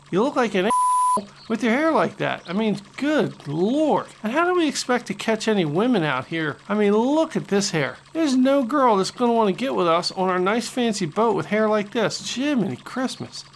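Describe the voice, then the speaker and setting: Man, gaming host, excitable play-by-play, gravelly voice, very animated pitch, guitar music behind. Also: moderate pace, few pauses, a little hiss or hum. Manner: excitable, joking, trash-talking. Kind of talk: video game commentary.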